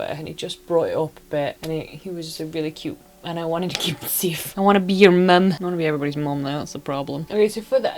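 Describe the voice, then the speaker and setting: Woman with a low voice, chatty and gushing, jokes about herself a lot. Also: darkish tone. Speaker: anime film reviewer. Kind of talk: casual spoken film review.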